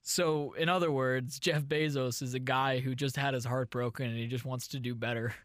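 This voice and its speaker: Male podcast host, bright edge, dry close mic, rambling deadpan storyteller. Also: mid-range voice, normal speed, no room sound. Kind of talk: casual advice podcast banter.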